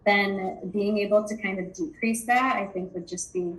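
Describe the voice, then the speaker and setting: A woman guest sharing thoughts on intuitive eating in a relaxed, rambling way, with many fillers. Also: mid-range voice, moderate pace, slight background noise, low-quality recording. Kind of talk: conversational interview.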